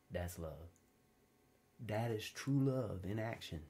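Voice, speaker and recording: A man preaching a sermon in a relaxed, conversational way, telling personal stories with big swings between loud high peaks and low quiet passages. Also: takes it slowly, pauses often. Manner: informal storytelling, wide swings in pitch and loudness, drops low and quiet for stories.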